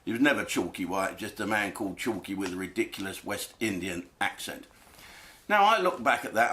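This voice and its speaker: A man's voice: mid-range voice, a bit bright. A man, a comedian, delivering an angry monologue to camera full of swearing and rhetorical questions.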